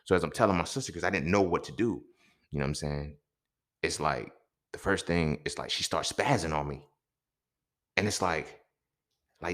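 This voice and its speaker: A man's voice: extremely low pitch, moderate pace, long pauses, a bit bright. A young man and podcast host telling a personal story in an emphatic, profane way, often checking in with his listeners.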